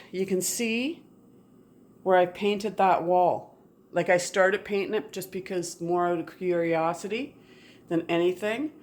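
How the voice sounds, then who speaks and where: A middle-aged woman chatting casually in a home vlog, rambling and interrupting herself as she walks around her house and garden. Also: medium pitch. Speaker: vlogger. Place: house and garden, moving between indoors and outdoors.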